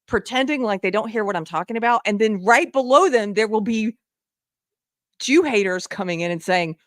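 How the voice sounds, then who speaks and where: A woman's voice: mid-range voice, lively intonation, moderate pace, dry recording. Impassioned woman host, dry sound. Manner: impassioned, rising to exasperated outbursts. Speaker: show host. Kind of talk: live online commentary.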